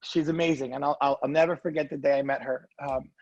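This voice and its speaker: Earnest and emotional, a guest in a casual interview recounts his life story, dropping quick asides like "right?". His mid-range voice is steady and a little mellow, captured in a dry, lo-fi recording.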